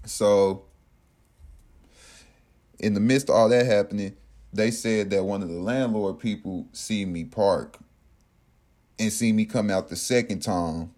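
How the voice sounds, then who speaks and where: Man telling a story, animated and profane. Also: lowish voice, measured pace, pauses often. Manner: animated, profane, acts out quotes. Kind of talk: casual storytelling.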